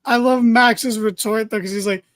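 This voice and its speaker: High-voiced man, dry close sound. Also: steady tone, moderate pace, fairly bright tone, no room sound. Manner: enthusiastic, swears freely. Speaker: podcast co-host. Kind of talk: casual opinionated chat.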